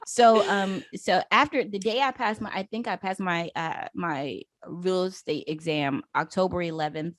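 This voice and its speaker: Laughing, animated woman telling her story. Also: lowish voice, normal speed, few pauses, dry recording. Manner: animated, laughing, addresses listeners as y'all. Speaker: podcast guest. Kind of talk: casual storytelling chat.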